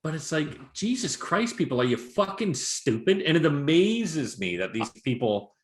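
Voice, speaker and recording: A man co-hosting a casual podcast, swearing often as he rants in lively bursts. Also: fairly high pitch, normal speed, echoey room. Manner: profane, ranting, animated. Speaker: podcast co-host. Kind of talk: casual chat.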